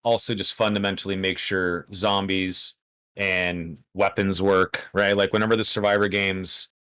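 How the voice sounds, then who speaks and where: A man's voice: low voice, little pitch movement, moderate pace, pushed and bright, clean tone, dry recording, studio quality. An American man with a plain General American accent, a podcast guest talking bluntly in casual chat, laughing often and swearing casually. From United States.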